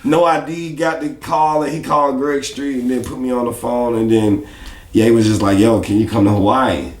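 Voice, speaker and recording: A man, a rapper guest in an interview, telling stories in a casual, animated way with lots of laughter. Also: mid-range voice, normal speed, roomy sound. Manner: animated, laughing storyteller who acts out other people's lines.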